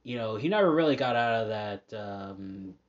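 A man hosting a podcast, talking casually in a halting way with many fillers and restarts. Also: fairly low pitch, lively intonation. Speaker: podcast host. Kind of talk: casual monologue. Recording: dull lo-fi audio.

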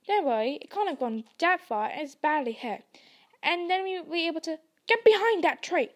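A woman reading aloud and voicing a gruff, burly male gamekeeper with rough, folksy speech. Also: high voice, expressive, normal speed. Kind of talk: audiobook reading.

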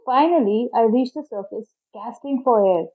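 A woman storyteller reading a detective story aloud slowly and carefully. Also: a little high, husky. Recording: tinny phone-like sound.

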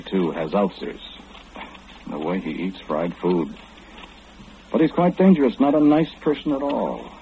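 A deep, mellow voice belongs to a wry clairvoyant who knows everything before it happens. He speaks in a knowing, unhurried, gently mocking way, with lively swings of pitch. It is a 1940s radio drama performance. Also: creaky, highs cut off, a little hiss or hum, exaggerated voice.

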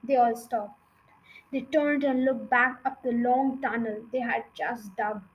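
A woman reads a children's storybook aloud with a high, bright voice. Her reading is expressive and dramatic. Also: unhurried, muffled recording. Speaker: reader.

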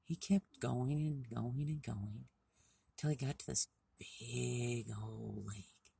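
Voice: mid-range voice, takes it slowly, gravelly, warm tone, breathy edge, no room sound, distant mic. A storyteller telling a children's animal tale in a homespun, casual way, with many dialogue tags.

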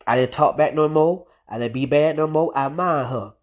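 A man's voice: fairly high pitch, moderate pace, lo-fi sound. A young man telling a personal story in a casual monologue, emphatic and repetitive as he drives his point home. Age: young adult. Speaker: vlogger.

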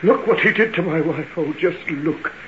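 An actor playing a distraught, grieving manservant in a radio play, with a choked, vengeful way of talking. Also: male voice, on the high side, normal speed, a little hiss or hum, lightly acted. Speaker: grieving servant. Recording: muffled old radio recording.

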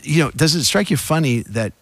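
A man's voice: on the high side, lively intonation, brisk, no echo. A man co-hosting a casual faith discussion, talking with many restarts and acting out the lines he quotes. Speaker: podcast co-host.

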